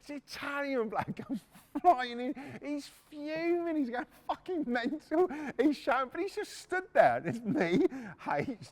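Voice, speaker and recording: Lively man telling stories. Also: extremely high pitch, unhurried, hardly any pauses. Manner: blunt, swears freely, laughs while telling. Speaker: podcast host. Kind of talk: casual anecdotal storytelling.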